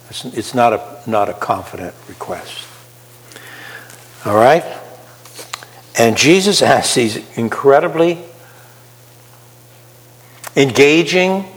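A man's voice: medium pitch, big-room sound, rough recording. A man preaching a sermon, asking his listeners questions as he explains a Bible passage. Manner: animated, asks the audience questions.

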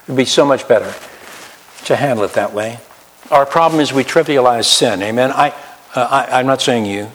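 A man preaching a sermon as pastor, swinging from loud emphatic highs to quiet low asides. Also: moderate pace. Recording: long hall reverb.

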